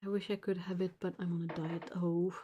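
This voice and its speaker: A woman's voice: on the low side, little pitch movement, fairly quick, dark tone, muffled recording, slight background noise. A woman in her forties hosting an art livestream, chatting casually while she paints and reads viewer comments aloud, laughing at her own jokes. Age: 40s. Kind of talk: casual live-stream chat while painting.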